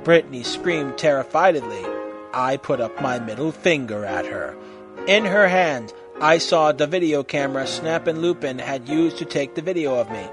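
A man reading a story aloud in a mock-serious, expressive way. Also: a little high, normal speed, music in the background. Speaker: reader.

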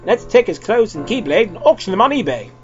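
Reader putting on a loud shrill barmaid, bossy and greedy, lively up-and-down voice, dull lo-fi sound. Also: fairly quick, faint music behind, lightly acted. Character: brash, greedy bartender woman. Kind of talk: comic fan-fiction reading.

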